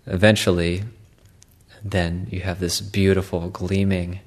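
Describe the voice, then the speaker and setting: A man speaks as a Buddhist monk offering a Dharma talk. His voice sits low and stays fairly even, with little rise or fall. He halts often and repeats words as he feels for each thought. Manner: halting, repeats words, many fillers.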